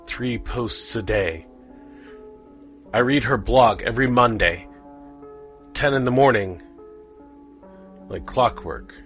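A man reading short fiction aloud in a measured, somber way. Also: mid-range voice, pushed and bright.

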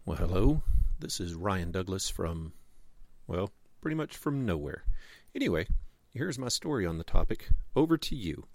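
A man's voice: low voice, sing-song, normal speed, no echo. A man reading his own short story aloud in an easygoing, friendly manner. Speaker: story contributor.

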